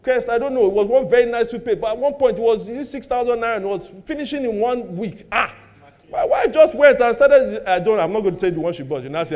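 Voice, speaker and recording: A middle-aged Nigerian pastor preaching with a high, bright male voice. He talks in an animated way, fires questions at the congregation and jokes about his own home life. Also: fairly quick. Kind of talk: sermon.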